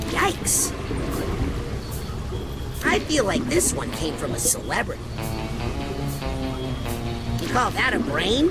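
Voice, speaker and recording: A woman's voice: mid-range voice, full character voice. Woman voicing Raz, a plucky boy psychic. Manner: inquisitive, quippy. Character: plucky young boy psychic, curious and earnest. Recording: game music playing behind.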